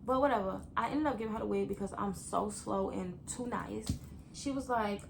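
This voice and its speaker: A young woman vlogger telling a story to her viewers in a chatty, animated way. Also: mid-range voice, moderate pace, gravelly, noisy background. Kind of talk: story time vlog.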